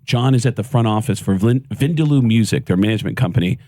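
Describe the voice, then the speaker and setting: A man telling stories as a comedian guest on a morning radio show, animated and slipping into voices. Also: on the low side, fast talker, dry recording, studio quality. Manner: animated, puts on voices in anecdotes. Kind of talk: casual storytelling on radio. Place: radio studio.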